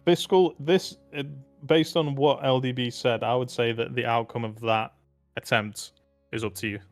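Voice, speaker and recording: A young man running a tabletop game as game master, calmly describing scenes and explaining rules. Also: mid-range voice, moderate pace, faint music behind.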